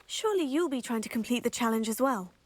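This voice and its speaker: A woman's voice: on the high side, lively intonation, fast. An actress voicing a curious, polite young female student. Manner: inquisitive, polite. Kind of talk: video game dialogue.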